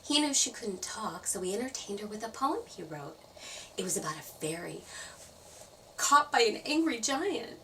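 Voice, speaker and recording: A woman storyteller reading a children's story aloud, playful and expressive. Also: medium pitch, moderate pace, distant mic, slight background noise, rough recording. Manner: expressive, playful sound effects.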